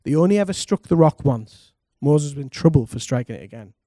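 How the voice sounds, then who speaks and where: A man, a pastor, preaching a lively sermon and calling on the congregation to respond. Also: fairly high pitch, brisk, no echo, clean studio sound. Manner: animated preaching, calls for congregation responses, laughs.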